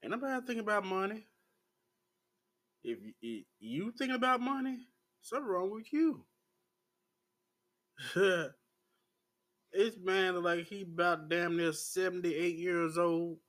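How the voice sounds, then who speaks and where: Slow, blunt, profane Southern man. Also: sits high, expressive, a bit bright. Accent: Southern American. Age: 40s. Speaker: vlogger. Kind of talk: profane rant to camera.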